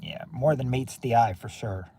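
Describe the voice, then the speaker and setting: A man of middling pitch hosting a relaxed game-night stream. He talks loosely to his viewers, trailing off and circling back mid-sentence. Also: normal speed, a little hiss or hum. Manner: rambling, many restarts and fillers. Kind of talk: casual chat with viewers.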